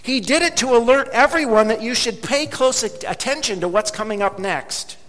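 A man preaching a sermon as pastor, speaking emphatically and slowing down to drop low on key words. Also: a bit bright. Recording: long hall reverb.

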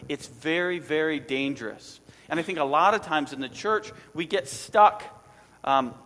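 Animated preacher man in a reverberant hall. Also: on the high side. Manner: animated, conversational preaching with asides. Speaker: pastor. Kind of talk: sermon.

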